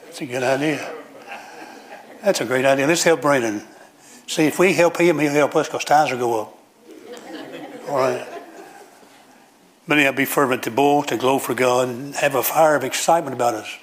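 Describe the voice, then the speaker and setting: Man preacher, homespun sermon delivery, repeats and restarts phrases, average pitch, church. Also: normal speed, long pauses. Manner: folksy storytelling with frequent restarts and repetition.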